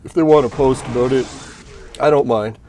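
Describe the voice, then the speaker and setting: A man's voice: medium pitch, a little fast, darkish tone, a little hiss or hum. A man chatting casually on a livestream, rambling and swearing, laughing at his own points and talking straight to his chat viewers. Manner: addresses chat viewers directly.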